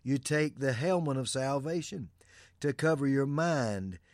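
Male pastor, earnest sermon delivery, mid-pitched, dry close sound. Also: a little slow, no room sound. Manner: earnest preaching with Bible quotations.

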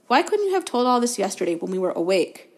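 A woman's voice: mid-range voice, very animated, quick pace, a little mellow. Brief: woman reader doing a joking teenage twin boy, dry and cheeky. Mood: teasing. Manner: dry, teasing.

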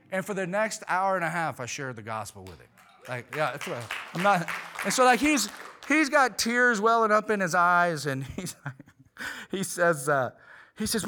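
Bright, animated male preacher. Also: sits high, moderate pace. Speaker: pastor. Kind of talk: sermon storytelling.

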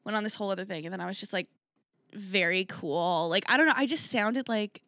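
Young podcast girl, bright voice, rambly and sweary, dry close mic. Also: medium pitch, animated, racing, dry recording. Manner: rambling, many "like" fillers, swears freely. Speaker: podcast co-host. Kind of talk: casual chat.

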